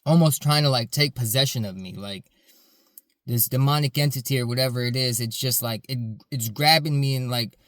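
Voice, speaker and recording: Man, mid pitch, earnest rambling storyteller, dry close recording. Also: brisk, a bit bright, no room sound. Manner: earnest, rambling with many "like" fillers. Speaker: security supervisor telling his dreams. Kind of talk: casual storytelling to camera.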